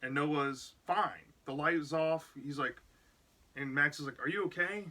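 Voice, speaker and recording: A man with a strikingly bright, sharp-edged voice that sits a little high for a man. He runs through a plot recap in a loose, casual way, piling on "like" and "you know" as he goes. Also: fairly even intonation, a little slow. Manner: rambling, full of "like" and "you know". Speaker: book reviewer.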